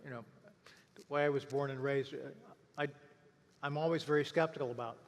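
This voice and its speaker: A man's voice: mid-range voice, fairly even intonation, fairly quick. Brief: older male interviewer, mid-range voice, hesitant with lots of fillers, hall echo. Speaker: interviewer and veteran. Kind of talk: panel conversation. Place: conference stage.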